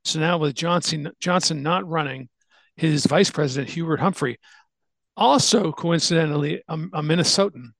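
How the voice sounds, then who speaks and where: A man's voice: on the high side, moderate pace, vocal fry, a bit bright, no echo. A man hosting a podcast, casually explaining history at length with fillers and restarts. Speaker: podcast host.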